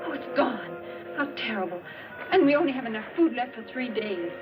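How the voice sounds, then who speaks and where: A distressed castaway woman, played by an actress, laments in a high, lively voice that rises and falls. Loud music sits under a dull old film soundtrack. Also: fairly quick, natural voice. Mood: lamenting. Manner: lamenting, anxious.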